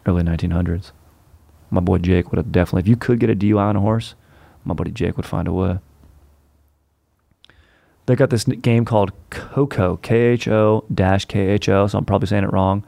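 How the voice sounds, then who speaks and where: A man's voice: low-pitched, fairly even intonation, brisk, gravelly, long pauses, warm tone, dry recording. A young man chatting casually and profanely, calling everyone "dude" as he rambles through stories. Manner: laid-back, profane, says "dude" constantly. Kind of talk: casual chat.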